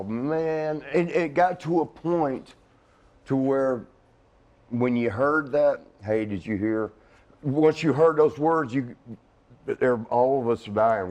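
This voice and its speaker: A man's voice: mid-range voice, a little mellow. A middle-aged man telling stories as a guest in a casual studio interview, rambling with frequent restarts and laughing at his own jokes. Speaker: interview guest, retired wrestler.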